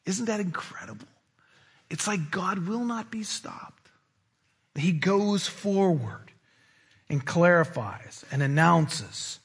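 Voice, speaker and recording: A man preaching a sermon, animated, swinging between loud emphasis and hushed asides. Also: a little high, slightly rough. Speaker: pastor.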